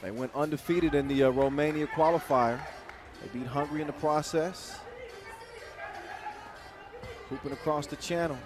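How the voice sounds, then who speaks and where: A man giving quick, energetic, joking play-by-play commentary at a live basketball event. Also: fairly high pitch. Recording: broadcast mix with loud crowd and music.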